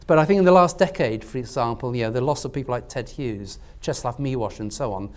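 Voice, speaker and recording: A man's voice: mid-range voice, quick pace. A man speaking as a literary scholar on a university panel, talking in a hesitant way with many fillers and restarts. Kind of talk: academic panel discussion. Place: lecture room at a university event.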